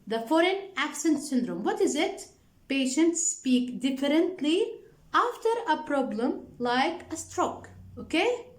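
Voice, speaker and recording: Woman English teacher, high and lively voice, unhurried delivery, keeps checking in with the class; echoey room. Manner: repeats points and checks understanding with "okay?". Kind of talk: explaining a reading text to students.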